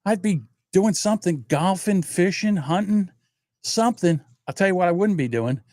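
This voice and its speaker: A man's voice: sits high, expressive, normal speed, a little mellow, dry recording, studio quality. A man in his sixties hosting a livestream, telling rambling stories in casual chat and swearing freely. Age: 60s. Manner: profane, rambling storyteller. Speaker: livestream host.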